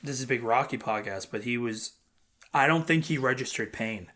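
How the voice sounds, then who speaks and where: A young man co-hosting a podcast in casual chat, telling animated stories and breaking into sudden shouted impressions. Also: medium pitch, a little fast. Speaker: podcast co-host.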